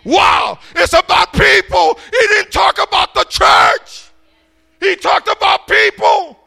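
A middle-aged pastor delivers a sermon before a church congregation, his voice very high for a man, bright and sharp-edged, with a rough gravelly fry underneath. He takes it slowly, surging into shouts and dropping to quiet asides, stammering and repeating words, while some chatter goes on behind him.

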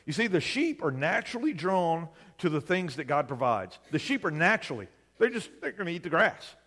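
A male pastor preaches in a high, very animated voice, his pitch swinging widely. He keeps turning to the congregation with "right?", and his words ring with a long echo, as in a big hall. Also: brisk. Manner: animated, conversational, often asks "right?". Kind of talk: sermon.

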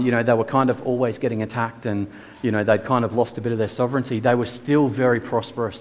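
A preacher delivers his sermon casually, as if chatting with friends, using "like" a lot. His middling-pitched voice rings through a church hall with a long, lingering echo.

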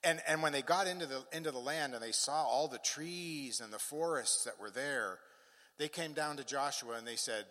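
A man's voice: medium pitch, normal speed, bright, forceful tone. A man preaching a sermon, emphatic, with rising and falling cadence and touches of humor. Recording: long hall reverb.

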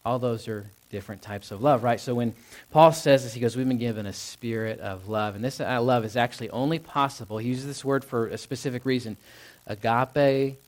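A young man delivers a sermon as a pastor, talking casually and conversationally rather than formally. His speech is loose, full of fillers and quick asides to the congregation, at a middle pitch for a man.

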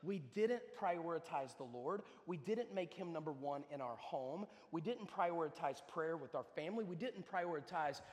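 A pastor in his forties preaching a sermon, moving from a relaxed storytelling tone into loud, emphatic preaching. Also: a little high, normal speed, few pauses, in a large hall.

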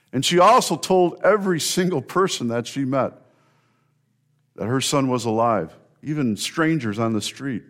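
A middle-aged male pastor giving an Easter sermon, telling a story earnestly with rising emphasis and pauses. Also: medium pitch.

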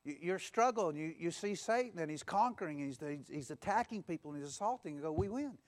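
High-pitched guy preaching in church, repeats lines and gets the crowd to say them back. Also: lively intonation, brisk. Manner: exhorting, repeats phrases and leads call-and-response. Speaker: pastor. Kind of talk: sermon.

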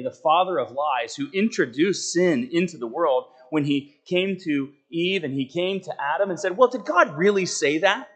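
Guy preaching a sermon, earnest and emphatic, goes loud then real quiet, chats with the crowd in between. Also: on the high side. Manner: earnest, emphatic, rising and falling with dramatic swings in volume; conversational asides to the congregation.

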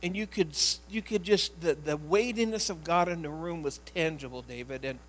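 A man, a pastor, telling a personal story in an earnest, emotional sermon style, often halting and repeating words. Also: fairly high pitch, a bit bright, poor audio.

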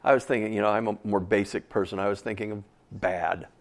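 A man's voice: on the low side, fairly even intonation, quick pace, noisy background. A man preaching a sermon in a conversational way, asking the congregation questions and repeating key phrases for emphasis. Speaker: pastor.

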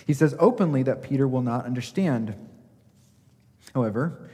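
A man's voice: mid-range voice, lively intonation, normal speed, warm tone. Emphatic male preacher in a hall. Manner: emphatic, asks rhetorical questions, acts out scripture quotes. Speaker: pastor. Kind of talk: sermon.

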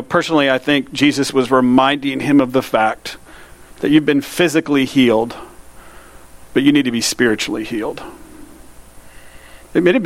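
A man preaching a sermon, reading scripture slowly and asking the listeners earnest, direct questions. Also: medium pitch. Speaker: pastor.

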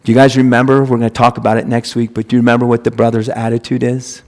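Guy preaching a sermon in a church, middle pitched voice, lots of hall echo, leans hard on repeated words. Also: monotone, fast talker, hardly any pauses, a little mellow. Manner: emphatic, repeats phrases for stress. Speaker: pastor. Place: church sanctuary. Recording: long reverb of a church hall.

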